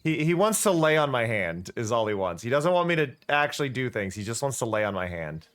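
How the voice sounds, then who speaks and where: Chatty, animated male streamer. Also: medium pitch, brisk, a little hiss or hum. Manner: rambling, swearing, laughs often. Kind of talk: casual live-stream chat while gaming.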